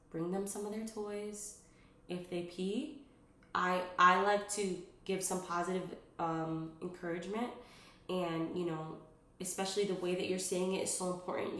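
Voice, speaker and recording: A woman's voice: fairly low pitch, fairly bright tone. A young woman and mother giving casual, earnest parenting advice in a chatty vlog, rambling with many fillers. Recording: roomy echo.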